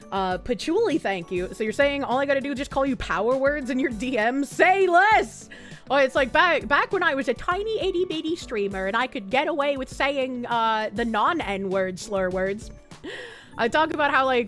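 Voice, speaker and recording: This Boston-accented livestreamer has a high, somewhat bright voice. Chatting casually and with plenty of profanity, she reads the chat, thanks her viewers and laughs frequently.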